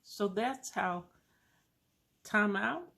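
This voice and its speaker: A woman calmly telling a personal parenting story in a relaxed, unhurried way. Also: medium pitch. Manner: slow, calm, gravelly storytelling.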